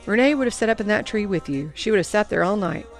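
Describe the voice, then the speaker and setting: A woman voicing a kindly older male grandfather in an audiobook, speaking gently and patiently. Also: mid-range voice, lively intonation, fast, faint music behind, natural voice. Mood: quiet, warm. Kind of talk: audiobook character reading.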